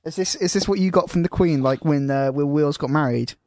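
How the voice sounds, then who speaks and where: A man's voice: on the high side, fairly quick, a little mellow, slight background noise. A man hosting a casual podcast chat, rambling and self-deprecating, with casual swearing. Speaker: podcast host.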